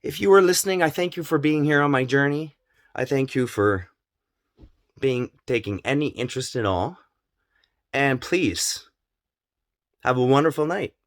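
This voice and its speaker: A man's voice: mid-range voice, expressive, moderate pace, long pauses, dry recording, studio quality. A man talking straight to his audience in a personal vlog, emphatic and repetitive, swearing openly. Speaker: vlogger. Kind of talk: personal monologue on family abuse.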